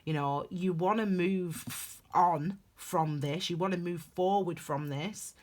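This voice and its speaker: A woman's voice: on the low side, a little slow, darkish tone. A middle-aged woman giving a casual tarot reading, rambling and digressing with many restarts. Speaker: tarot reader.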